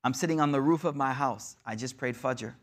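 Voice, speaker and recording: A man's voice: medium pitch, a little fast, fairly bright tone. A man giving a storytelling sermon, retelling an old account in the first person with Arabic quotes and casual, conversational phrasing. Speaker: preacher.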